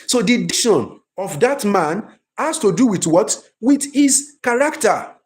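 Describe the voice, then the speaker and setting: Man, high-pitched, lively repetitive teacher on a stream. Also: measured pace. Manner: lively, emphatic, repeats himself. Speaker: film writing teacher. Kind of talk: live-streamed class.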